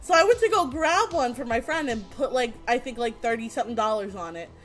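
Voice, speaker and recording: Woman, streamer, casual storytelling, high voice, soft music behind. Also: brisk. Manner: animated, rambling, swears freely.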